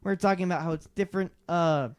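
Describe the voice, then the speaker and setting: A man's voice: high-pitched, fairly even intonation, fast talker, clear, resonant tone. A man in a casual chat among friends, joking in an offhand way.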